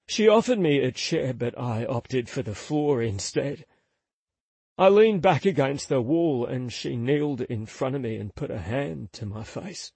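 Slow, husky male audiobook narrator. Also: fairly high pitch, darkish tone, dry recording. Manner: intimate, confessional, unhurried. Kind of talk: first-person audiobook narration.

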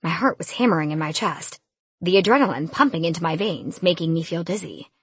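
A woman reading a first-person fantasy audiobook in an expressive, lively storytelling manner. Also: lowish voice, a little fast, breathy edge, no room sound. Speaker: audiobook narrator.

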